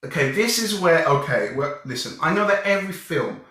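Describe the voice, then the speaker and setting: A young man reviewing a film in a casual, animated way, often restarting his sentences and sounding exasperated. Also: a little high, brisk. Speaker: movie reviewer. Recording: very echoey room.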